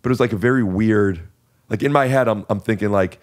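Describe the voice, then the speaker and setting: A man's voice: lowish voice, fairly quick. A man in his thirties hosting a podcast, telling a long, self-questioning story in a casual, rambling way. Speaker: podcast host. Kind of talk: casual chat. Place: podcast studio.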